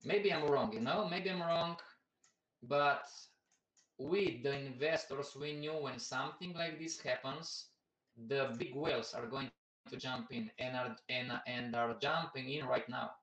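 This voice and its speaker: A man's voice: mid-range voice, measured pace, fairly bright tone, echoey room, far from the mic, muffled recording. A man hosting a casual live stream about investing, chatty and repetitive, who keeps calling out to everybody watching.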